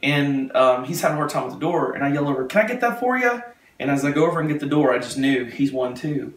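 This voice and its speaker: A man telling a testimony story with animation, retelling quickly and acting out the quotes. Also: medium pitch, steady tone. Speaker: speaker giving a testimony. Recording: echoey room, mic far off.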